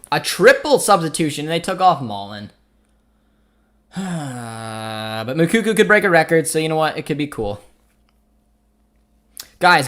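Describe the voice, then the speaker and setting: A man's voice: on the high side, a bit bright. Young Canadian man hosting a football watchalong. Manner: chatty, reads out chat messages, reacts to the match. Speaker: watchalong host. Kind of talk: casual live football watchalong chat.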